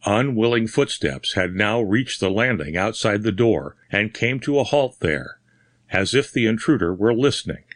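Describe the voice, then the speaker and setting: A man narrating a horror story in a measured, dramatic reading. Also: on the low side, lively intonation, no echo, studio quality. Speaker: audiobook narrator. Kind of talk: scripted narration.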